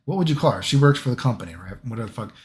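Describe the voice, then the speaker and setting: A man's voice: medium pitch, lively intonation, very fast. Rambling young man telling a story. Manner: rambling, profane, filler-heavy. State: sick. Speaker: vlogger. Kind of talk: casual storytelling.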